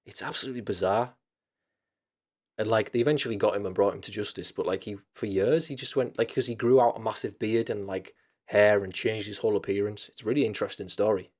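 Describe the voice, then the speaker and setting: A man's voice: on the low side, fairly even intonation, fast talker, darkish tone. A man hosting a casual chat stream, rambling loosely with lots of fillers, restarts and casual swearing.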